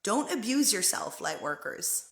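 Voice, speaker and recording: A woman spiritual coach giving an emphatic, animated pep talk that swings between loud stresses and hushed asides. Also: medium pitch, measured pace, creaky, echoey room.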